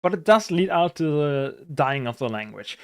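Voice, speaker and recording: A man's voice: fairly high pitch, expressive, normal speed, clean tone, dry recording, clean studio sound. A man from Germany with a German accent, chatting casually on a live stream, rambling and hesitant, with casual swearing. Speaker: livestreamer.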